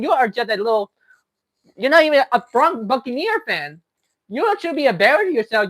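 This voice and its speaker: A man's voice: extremely high pitch, sing-song, brisk, a bit bright. A man streaming a game live, taunting and arguing with a viewer in chat. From Texas. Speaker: livestreamer. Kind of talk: live gaming stream talk.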